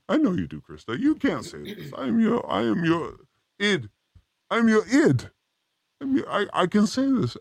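A man hosting a live talk stream, joking and provoking with an irreverent edge. His voice sits a bit high and swings widely in pitch. The sound is dry and close. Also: creaky, no room sound. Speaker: host. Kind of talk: casual live-stream chat.

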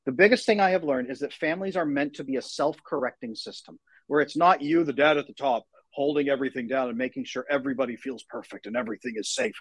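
A husky-voiced man in his thirties speaks as a guest in a podcast-style interview. He talks about parenting in a lively, conversational way. His voice sits in an ordinary pitch range, and the recording is close and dry. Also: fast, dry recording, rough recording. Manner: animated, acts out voices in anecdotes.

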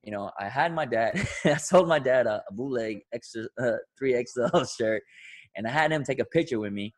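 A man's voice: medium pitch, lively intonation, moderate pace. A man hosting a podcast, telling a long rambling story with lots of swearing and laughter. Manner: rambling, profane, laughs often. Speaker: podcast host. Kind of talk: casual storytelling.

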